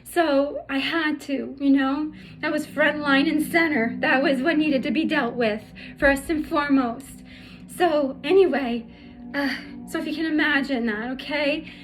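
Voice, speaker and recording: A woman with a high voice shares a painful personal story, her words stumbling and restarting as tears come through. She sounds middle-aged, and faint music plays quietly behind her. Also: fairly even intonation. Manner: halting, emotional, many restarts. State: tearful. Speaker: spiritual healer telling her life story.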